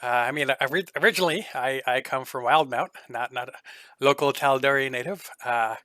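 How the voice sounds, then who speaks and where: A man's voice: medium pitch, brisk, pushed and bright, no echo, close to an everyday voice. A man voicing a chatty, flirtatious male gnome shopkeeper who rambles on and on. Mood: nervous chatty. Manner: rambling, overly friendly, flirtatious.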